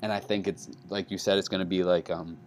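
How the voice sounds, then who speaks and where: Animated man from New York talking football. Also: fast, noisy background. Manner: animated, pitch jumps up when arguing. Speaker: podcast co-host. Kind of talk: casual sports chat.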